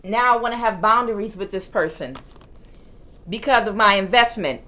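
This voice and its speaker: A woman reading tarot cards in a forceful, emphatic way that can sound like yelling, repeating her phrases for emphasis. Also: medium pitch, moderate pace. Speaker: tarot reader.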